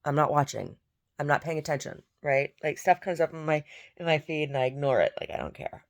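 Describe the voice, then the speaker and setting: Her voice is low and her pace a little fast as this woman vlogger meanders through casual talk. Words get repeated, and she mutters asides under her breath.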